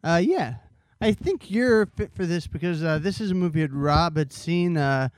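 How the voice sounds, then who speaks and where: A man's voice: a little high, lively intonation, normal speed, dry recording. Man co-hosting a film podcast, dry mic. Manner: brief agreeing replies and short corrections. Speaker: podcast co-host. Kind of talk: casual film podcast chat.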